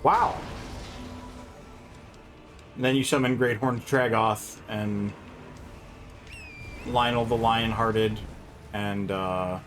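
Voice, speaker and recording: A man's voice: lowish voice, fairly even intonation, takes it slowly, long pauses, fairly bright tone. A man watching a video game being played, giving wry, teasing commentary in a casual chat. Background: game music.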